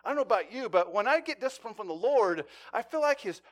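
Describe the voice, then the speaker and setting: A man preaches a sermon in an earnest, storytelling manner. His voice is high and very lively in pitch. He drops to a near hush and then climbs back to an intense pitch. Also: fast. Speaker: pastor.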